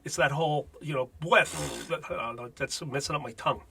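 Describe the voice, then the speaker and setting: A man's voice: fairly high pitch, moderate pace, sharp tone, slightly rough. A man, a native Spanish speaker, hosting a comedic language lesson with wry, jokey asides. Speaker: host.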